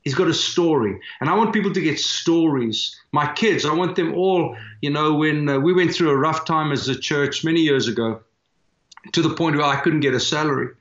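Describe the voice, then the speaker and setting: A man with a South African accent telling a personal story in an earnest, animated way, filling pauses as he goes. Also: a little high. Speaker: guest, church planter. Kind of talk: storytelling in conversation. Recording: echoey, dull remote audio.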